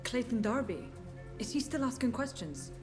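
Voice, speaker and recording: An actress playing a caring, gentle young female nurse in a video game. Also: a little high, lively intonation, moderate pace, natural voice. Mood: concerned. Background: game music.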